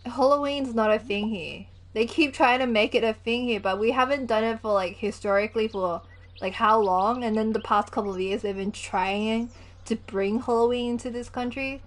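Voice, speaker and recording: A woman's voice: on the high side, normal speed. A young woman, chatting casually and giggling as she livestreams a game. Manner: chatty, giggly, animated storytelling. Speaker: gaming livestreamer. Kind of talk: casual chat while gaming.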